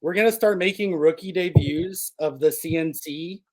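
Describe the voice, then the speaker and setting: A man's voice: fairly high pitch, normal speed, a loud crowd, low-quality recording. A man hosting a casual podcast, opening the show as an upbeat, jokey emcee. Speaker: podcast host.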